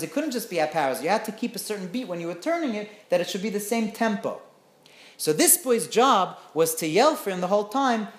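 A woman teaching through a story in an animated way, often checking in with her listeners. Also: mid-range voice. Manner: animated, often asks "right?". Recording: roomy echo.

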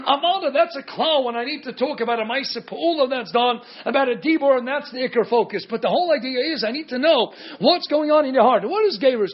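On a dull, lo-fi recording, a very high-voiced man teaches Talmud, asking himself rhetorical questions and then answering them, with Hebrew and Aramaic terms woven into English. The Torah teacher is expressive and fast, barely pausing.

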